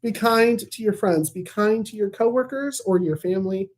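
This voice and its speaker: A man's voice: high-pitched, normal speed. Rambling playful man hosting news. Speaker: host of a weekly positive news show. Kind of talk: casual comedic news recap. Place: at home in Tulsa.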